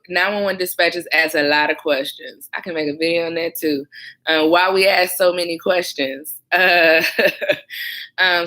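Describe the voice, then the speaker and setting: A young woman, telling stories about her former job as a 911 dispatcher in a casual chat. She talks in a smooth, calm voice that turns animated when she acts out the people who called in. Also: lowish voice. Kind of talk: casual chat, storytelling to camera.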